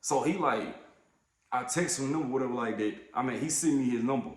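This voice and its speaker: A man who drives trucks tells a story in a casual rant, heated and profane, getting louder and sharper when riled. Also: medium pitch, brisk, roomy sound.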